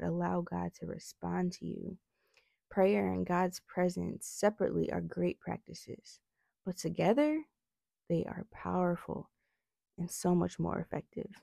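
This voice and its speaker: Speaking with retainers in her mouth, this young faith vlogger delivers a sincere devotional on prayer and keeps asking "right?" along the way. The retainers give her a slight lisp, and her lowish voice carries vocal fry and a warm tone in a dry recording.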